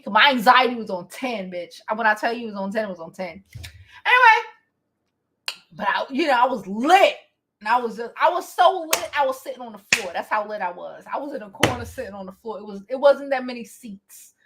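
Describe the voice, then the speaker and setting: A woman vlogger chats through a story in a casual storytime style, her voice pitched high. She is animated and swears freely, and laughter keeps slipping into her telling. Her tone is sharp and bright. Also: a little fast, slight background noise. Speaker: beauty vlogger.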